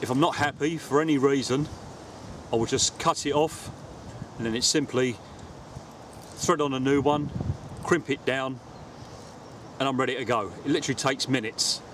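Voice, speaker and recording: Guy chatting away at the lake, easygoing, mid pitch, bit of outdoor noise. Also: moderate pace, long pauses. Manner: chatty, relaxed, explaining as he goes. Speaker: angler vlogger. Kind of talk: casual outdoor fishing vlog.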